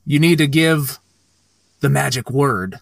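A man's voice: medium pitch, animated, slow pace, gravelly, no room sound. A man hosting a casual podcast chat, speaking in a laid-back way with brief reactions. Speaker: podcast host.

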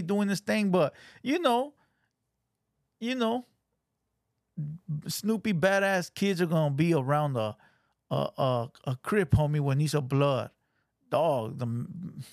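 A man rants through casual reaction commentary, blunt and full of swearing, calling people out. His voice sits a little high. The sound is dry and close, with no room to it. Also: no echo. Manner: blunt, profane, scolding. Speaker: reaction show host.

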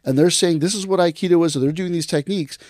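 A man hosting a martial arts podcast in casual chat, animated, sometimes mimicking online commenters. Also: quick pace, dry recording, clean studio sound. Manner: animated, acts out mocking commenters in sudden high voices.

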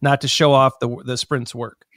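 A man co-hosting a podcast in casual discussion, emphatic and listing points in quick succession. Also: mid-range voice, level tone, fairly bright tone, no room sound, clean studio sound. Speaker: podcast co-host.

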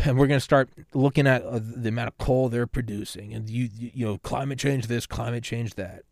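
A man's voice: medium pitch, steady tone, normal speed, creaky, darkish tone, no echo, clean studio sound. A man hosting a solo podcast, ranting sarcastically about politics with profanity and rambling asides. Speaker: podcast host.

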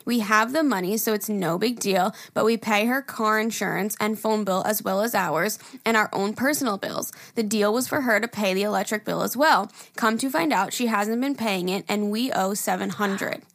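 A woman's voice: medium pitch, normal speed, vocal fry, few pauses, fairly bright tone. A woman co-hosting a casual podcast, reading listener emails aloud, laughing often and swearing casually. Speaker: podcast co-host.

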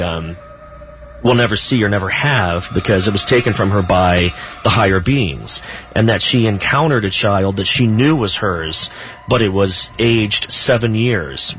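Low-voiced man telling a paranormal story. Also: a bit bright, a little hiss or hum. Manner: measured storytelling with dry asides. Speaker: paranormal author and researcher guest. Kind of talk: radio talk show interview.

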